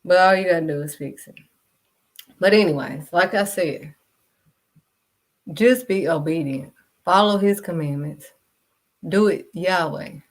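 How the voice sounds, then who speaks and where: A woman's voice: lowish voice, unhurried, long pauses. A woman vlogger giving a blunt, scolding faith talk straight to camera. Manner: blunt, direct, scolding, refuses to sugarcoat. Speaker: vlogger and kids' modeling teacher.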